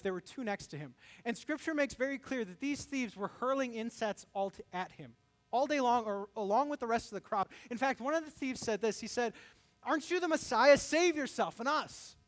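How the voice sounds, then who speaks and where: High-voiced animated male preacher. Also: fairly quick. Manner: animated, acts out quoted voices with rising pitch. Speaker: pastor. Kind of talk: sermon.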